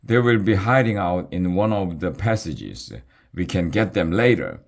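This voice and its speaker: A man's voice: low voice, animated, normal speed, gravelly. A man voicing a prim, bossy female dragon who barks clipped, haughty commands at her prisoners in a storybook reading. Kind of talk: audiobook reading.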